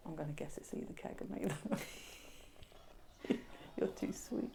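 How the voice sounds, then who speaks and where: Brief: woman, lowish gravelly voice, chatty and jokey paranormal investigator. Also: slow, noisy background. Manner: chatty, laughs easily, jokey. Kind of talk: casual chat during a ghost hunt. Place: inside an old jail at night.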